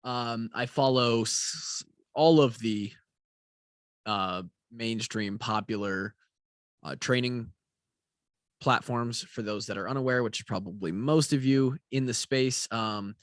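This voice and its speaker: A man's voice: medium pitch, slow pace, dry recording. A tired young man rambling casually in a vlog, with lots of fillers and casual swearing. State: tired, yawning. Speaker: vlogger. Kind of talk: casual talking-head vlog.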